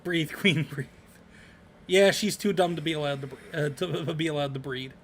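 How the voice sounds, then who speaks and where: A man's voice: a little high, steady tone, moderate pace, slight background noise. A man co-hosting a casual podcast about games, rambling with lots of ums and uhs. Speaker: podcast co-host.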